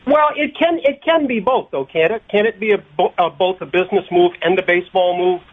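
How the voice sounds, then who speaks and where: A man answering radio interview questions by phone, halting, with many ums and restarted phrases. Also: high-pitched. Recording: tinny phone line.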